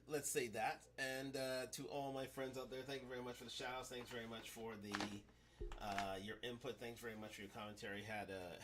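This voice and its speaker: A man hosting a live-stream talk show, his voice bright and forward. He speaks off the cuff and often stops to restart a phrase. He keeps circling back to the same catchphrases. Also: medium pitch. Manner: hesitant, many fillers and restarts, repeats catchphrases. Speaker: host.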